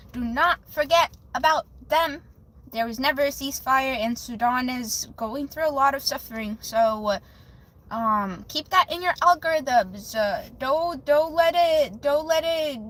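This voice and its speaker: Slow-talking high-voiced young woman streamer. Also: fairly bright tone, slight background noise, rough recording. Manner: chatty, giggly, with frequent fillers and restarts. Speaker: livestream host. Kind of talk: casual live stream chat.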